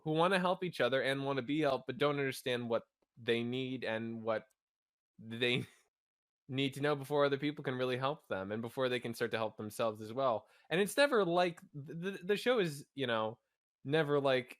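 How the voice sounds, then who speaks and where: A man's voice: mid-range voice, moderate pace, dry recording, studio quality. A young man co-hosting a podcast, talking earnestly and analytically in casual chat, often restarting his sentences. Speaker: podcast co-host.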